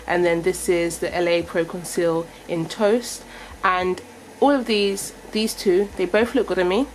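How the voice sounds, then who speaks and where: A young woman talks through a beauty review, musing aloud and often doubling back on her words. Her voice sits at a middling pitch, and a faint hiss of room noise stays behind her. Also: rough recording. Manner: chatty, thinking aloud, self-correcting. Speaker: beauty vlogger. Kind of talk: makeup review vlog.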